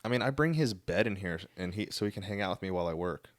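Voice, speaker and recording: A man's voice: deep voice, lively intonation, quick pace, dry recording. A young man co-hosting a podcast, teasing in dry, casual banter. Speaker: podcast co-host. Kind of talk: casual chat.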